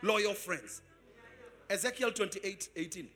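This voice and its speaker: A man preaching a sermon as pastor, asking the congregation questions and swelling into sung shouts. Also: high-pitched, slow. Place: church service.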